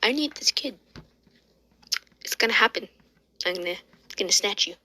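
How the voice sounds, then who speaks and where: A sly male doctor fakes sympathy while barely hiding his glee, as a woman narrating a fan story puts him on. The delivery is bright and sharp, at an ordinary middle pitch. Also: animated, normal speed. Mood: eager. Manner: falsely apologetic, secretly pleased.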